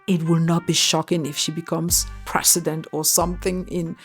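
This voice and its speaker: A woman's voice: low voice, flat delivery, normal speed, soft background music. A woman giving an opinionated commentary monologue, mocking her subject with rhetorical questions and frequent laughter.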